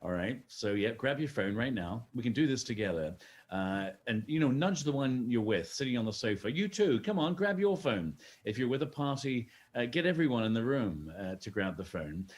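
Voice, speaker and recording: A medium-pitched, animated man speaks briskly while co-hosting a virtual fundraiser gala. The hosting is scripted but loose, with jokes, banter and repeated appeals for viewers to donate.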